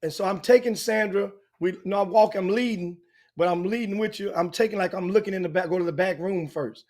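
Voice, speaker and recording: A man's voice: high-pitched, a little fast. An older man, hosting a casual chat and telling a long, rambling story with many restarts. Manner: animated, rambling anecdote with frequent restarts. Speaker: host.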